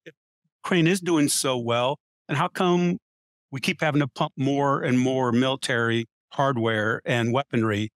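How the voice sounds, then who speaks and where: A man's voice: mid-range voice, fairly bright tone, no room sound, clean studio sound. A man in a casual panel debate, arguing his point insistently and reeling off statistics. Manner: argumentative, cites statistics. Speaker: panel guest.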